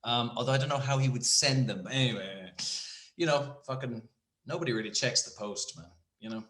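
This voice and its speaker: A man's voice: mid-range voice, a little fast, fairly bright tone, roomy sound. A young man co-hosting a casual podcast, joking around, swearing freely and slipping into silly voices. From Ireland. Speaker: podcast co-host. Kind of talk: casual chat.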